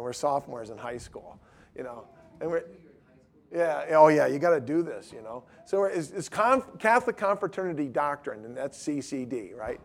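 A middle-aged man telling stories in casual talk, swinging from loud emphatic lines to low mumbled asides.

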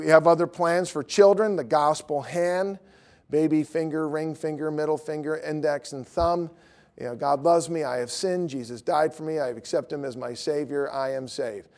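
A middle-aged man preaching, telling a lively story with acted-out voices and frequent laughter. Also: a little high, moderate pace. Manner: animated storyteller, acts out voices, laughs often. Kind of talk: storytelling sermon.

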